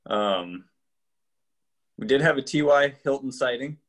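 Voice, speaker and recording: A man co-hosting a casual sports podcast, measured and hedging, with many fillers. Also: medium pitch, lively intonation, fairly bright tone. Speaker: podcast co-host.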